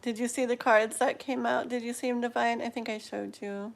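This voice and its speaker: A woman giving live tarot readings, talking in a slow, halting way with many fillers and restarts while she feels her way through the cards. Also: a little high, level tone, vocal fry. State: emotional, laughing through tears. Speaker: tarot reader.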